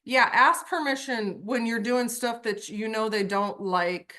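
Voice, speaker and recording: A woman's voice: a little high, measured pace. A woman coaching horse owners on a video call, telling stories and acting out the voices in them. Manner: lively storyteller, acts out voices. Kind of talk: online group coaching call.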